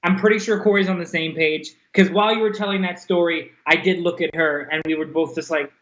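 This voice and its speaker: A man's voice: fairly high pitch, steady tone, brisk, fairly bright tone, roomy sound, highs cut off. A man co-hosting a casual podcast, teasing his co-host in joking banter. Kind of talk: casual chat.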